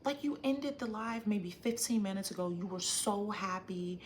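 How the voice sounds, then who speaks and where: A woman's voice: medium pitch, fairly even intonation, normal speed, a little hiss or hum, natural voice. A woman imitating her caring, upbeat best friend, who asks with concern what went wrong. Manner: concerned, questioning.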